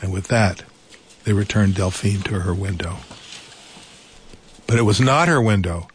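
Brief: male storyteller, low and husky, gentle read-aloud with asides. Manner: gentle, unhurried, adds asides.

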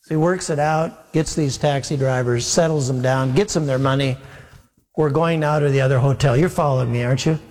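A male pastor telling a wry, animated story during a sermon. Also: mid-range voice, a little fast, long reverb tail. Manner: animated, wry anecdotal delivery.

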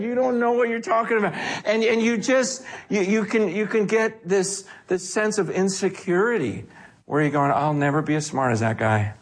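A man preaching a sermon, animated, acting out quoted voices, often repeating himself as he restarts. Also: sits high. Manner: frequent self-corrections and repeated words. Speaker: pastor.

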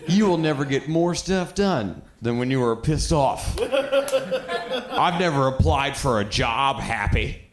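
A man's voice: a little high, big pitch swings, slow pace, reverberant, noisy background. A man doing a blunt, profane stand-up comedy set, ranting about anger.

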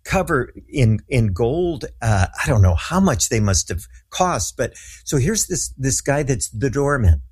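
A man's voice: mid-range voice, sing-song, a little slow, hardly any pauses, slightly rough. A middle-aged man, a guest minister, telling a story earnestly and with animation in a talk show interview.

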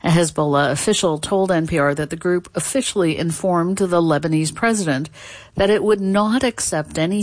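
A woman filing an even, factual news report as a correspondent. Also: low-pitched, no room sound.

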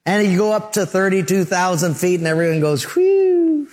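A male pastor preaching a sermon, telling vivid stories with lively emphasis. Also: high voice, brisk. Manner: animated storytelling preacher.

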